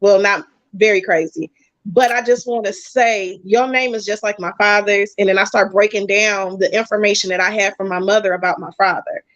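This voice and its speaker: A woman guest chatting casually, telling a personal story in animated bursts. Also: medium pitch, normal speed, no echo. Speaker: podcast guest. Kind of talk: casual chat. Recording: dull, dry lo-fi sound.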